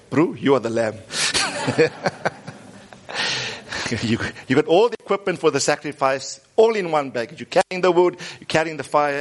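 A man, preaching a lively sermon and coaxing the congregation to repeat lines after him. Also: on the high side. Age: 50s. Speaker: pastor.

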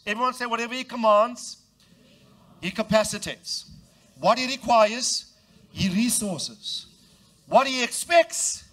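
A man preaching a sermon, leading his congregation to repeat phrases and acting out the voices of the people in the story. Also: fairly bright tone. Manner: acts out quoted voices with big jumps in pitch. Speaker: pastor.

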